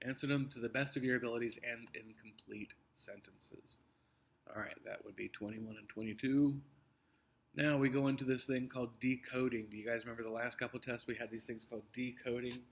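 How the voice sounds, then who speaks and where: A man teacher explains an upcoming test to his students, patient and halting. His voice sits at an ordinary middle pitch, and he often restarts his sentences and fills pauses with "um" and "uh". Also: fairly even intonation, vocal fry. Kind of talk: recorded test review for students.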